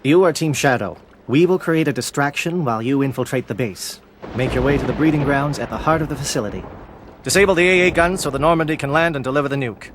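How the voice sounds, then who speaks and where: An actor playing a stern, disciplined alien military captain in a video game, speaking in formal, clipped military phrases. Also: male voice, medium pitch, quick pace, noisy background, lightly acted. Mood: resolute. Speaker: commander briefing troops.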